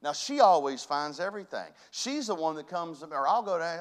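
A pastor preaching a folksy sermon, dropping to soft asides and then rising to near-shouts. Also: male voice, high-pitched, fast, hardly any pauses.

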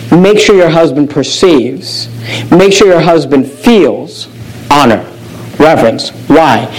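Male pastor, high voice, emphatic sermon delivery with repeated phrases. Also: rough recording. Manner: emphatic preacher with sharp pitch drops and repetitions.

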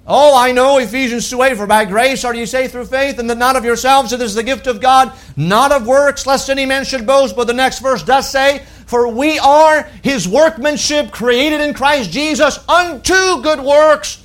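A man preaching a sermon, emphatic, asking rhetorical questions and slowing down on key phrases. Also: very high-pitched, fairly bright tone.

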